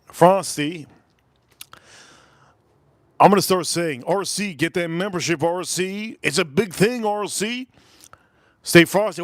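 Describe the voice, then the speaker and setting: A man's voice: high voice, slow, long pauses, a bit bright, no room sound, clean studio sound. A man hosting a live stream in a loose, repetitive, chatty way, calling out viewers' names one after another. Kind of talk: casual live stream chat.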